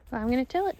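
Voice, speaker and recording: A woman's voice: high voice, dull audio. A woman vlogging outdoors in a wooded yard, chatting casually and thinking aloud, unsure of her plans. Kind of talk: casual vlog walkthrough.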